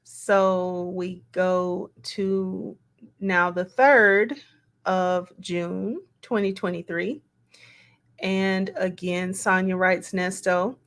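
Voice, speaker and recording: A woman's voice: lowish voice, flat delivery, fairly bright tone. A woman reading text messages aloud and commenting on them in a casual, musing way. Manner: slow, musing, reads quotes aloud with asides.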